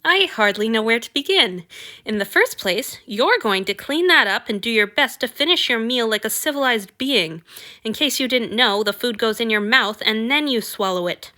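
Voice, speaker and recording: A woman's voice: a little high, lively intonation, normal speed, bright, forceful tone. A woman voicing a refined, commanding male god who speaks in a dry, weary, cold manner.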